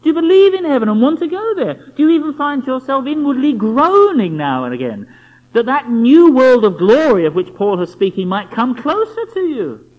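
A man's voice: very high-pitched, sing-song, moderate pace. A man preaching a sermon, emphatic and full of rhetorical questions aimed at the listener. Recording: dull lo-fi recording.

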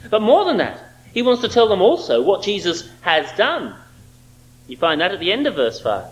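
Male preacher, high voice with lively swings, emphatic, rhetorical questions. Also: normal speed, low-quality recording. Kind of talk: sermon.

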